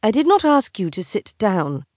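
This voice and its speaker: A woman's voice: on the low side, expressive, slow pace, mellow, dry recording, clean studio sound. A woman voicing an exasperated, proud young noblewoman who speaks in a clipped, indignant way.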